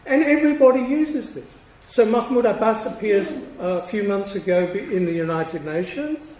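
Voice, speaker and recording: A man in his sixties giving an academic lecture, measured and emphatic, with deliberate pauses between phrases. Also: sits high, animated, a little mellow. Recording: roomy, distant hall sound with faint noise.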